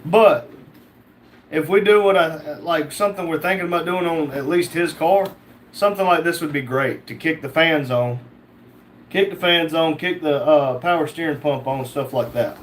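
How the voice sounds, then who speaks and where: A man's voice: on the high side, moderate pace, slight background noise. Man joking through a livestream chat. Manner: joking, reads chat comments aloud. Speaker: livestream host reading chat.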